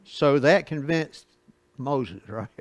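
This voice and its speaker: This Bible study teacher reads scripture slowly, then explains it folksily, tossing in asides and chuckles. His mid-range voice is expressive, and the recording is dry.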